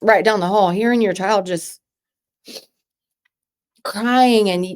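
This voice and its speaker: A woman in her thirties appears as a guest on a podcast, giving an emotional personal interview. Her voice sits at a medium pitch with a darkish tone. Her phrases come out haltingly, restarting and trailing off.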